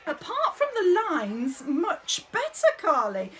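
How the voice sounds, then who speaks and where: A woman's voice: high-pitched, wildly swooping pitch, slow, fairly bright tone, a little hiss or hum, full character voice. A woman playing a fussy, bossy drama director running a school nativity rehearsal, in a theatrical, exasperated comic monologue.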